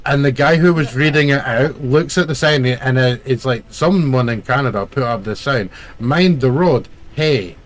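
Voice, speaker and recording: A man's voice: mid-range voice, normal speed, hardly any pauses. Blunt, sweary man chatting casually. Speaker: let's play co-host. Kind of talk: casual chat over gameplay.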